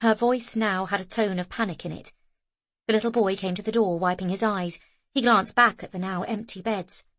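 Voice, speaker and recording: A woman narrating an audiobook in a steady, measured read, her voice in a middle register. The recording is close and dry, with no room sound. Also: medium pitch, dry recording. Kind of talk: scripted narration.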